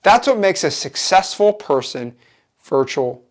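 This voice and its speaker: Animated, hyped-up male wholesaling coach. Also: sits high, unhurried. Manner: animated, repetitive, hyped-up motivational delivery. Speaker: real estate wholesaling coach. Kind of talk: energetic coaching lecture.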